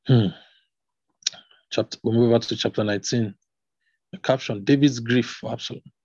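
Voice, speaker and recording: Man, scripture reading, husky voice, dull lo-fi recording. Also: mid-range voice, fairly even intonation, fairly quick, darkish tone, dry recording. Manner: plain reading, stops to reread a passage. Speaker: scripture reader.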